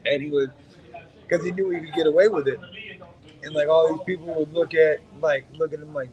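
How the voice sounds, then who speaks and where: A man's voice: fairly high pitch, steady tone, brisk, lo-fi sound, crowd noise. A man hosting a casual podcast chat in a restaurant, talking loosely with lots of swearing and joking. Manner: loose, profane, joking banter. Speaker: podcast host. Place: waffle restaurant.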